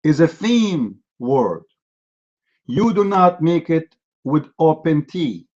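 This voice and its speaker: A man's voice: on the high side, big pitch swings, slow pace, a little mellow, lo-fi sound. A man hosting a live online debate, mocking and lecturing his opponent in a combative way. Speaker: debate host.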